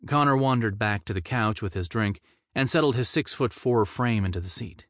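Male audiobook narrator, low voice, measured scripted reading, dry close sound. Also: a bit bright, no echo.

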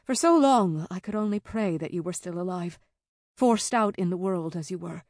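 A woman voicing a middle-aged mother who speaks in a measured, hesitant way. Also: on the low side, a little mellow, no echo, studio quality. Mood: guarded.

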